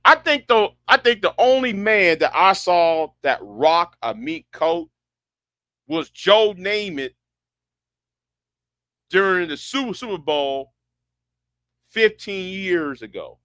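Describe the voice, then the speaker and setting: A man's voice: high voice, sing-song, slow pace, long pauses, bright, forceful tone, dry recording, studio quality. A man delivering a sarcastic, incredulous rant as an online commentator, often repeating himself. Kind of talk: ranting commentary.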